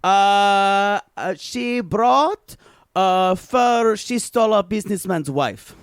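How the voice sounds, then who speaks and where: A man's voice: high-pitched, expressive, slow pace, clean tone, no echo, clean studio sound, voice pushed up, full character voice. A man doing brash, broken-English Olga. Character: bold, crude, tireless Eastern European woman. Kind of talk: comic improvised character bit.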